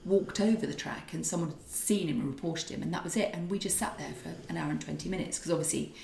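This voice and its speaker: A chatty middle-aged woman tells stories around a kitchen table in a relaxed podcast chat. Her voice carries a gravelly fry, and the room around her is noticeably echoey. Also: low voice, quick pace, slight background noise. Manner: chatty, animated storyteller. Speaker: podcast co-host. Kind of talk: casual chat.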